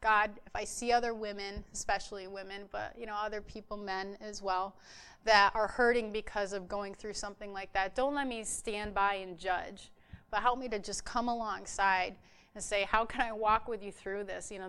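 A woman giving an informal church message, earnest and conversational, telling personal stories with fillers and soft laughs. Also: mid-range voice, fairly even intonation, normal speed, clean tone.

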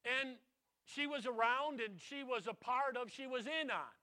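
A man preaching a sermon as a pastor, retelling a story with dramatic swings from loud to hushed. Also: very high-pitched, a little slow.

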